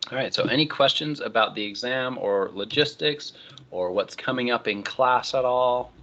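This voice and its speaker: A male college instructor giving a relaxed, conversational online lecture, often moving on with "all right, so.". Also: mid-range voice, normal speed, highs cut off. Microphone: computer microphone.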